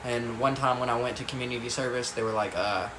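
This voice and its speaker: A man's voice: mid-range voice, fairly even intonation, quick pace, pushed and bright, a little hiss or hum. Profane young man storyteller. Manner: casual, profane, rambling with asides. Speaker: vlogger. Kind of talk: storytime vlog. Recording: echoey room, faint ambience.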